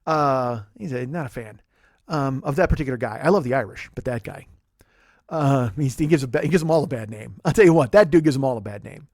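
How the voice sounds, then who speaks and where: A man's voice: medium pitch, brisk, a little mellow, no room sound, studio quality. A man hosting a podcast, telling rambling comic stories in casual chat, full of swearing. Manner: profane, rambling, jokey storytelling. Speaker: podcast host.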